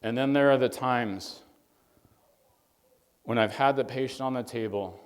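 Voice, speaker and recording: Brief: man, mid-pitched, earnest storyteller addressing young doctors from a stage, long hall reverb. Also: a little slow. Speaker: chiropractor speaking to young doctors. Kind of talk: motivational stage talk.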